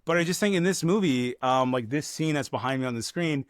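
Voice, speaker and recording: A man's voice: medium pitch, fairly quick, dry recording, studio quality. Rambling profane podcast co-host, man. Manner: rambling, profane, acts out movie lines. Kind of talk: casual film review chat.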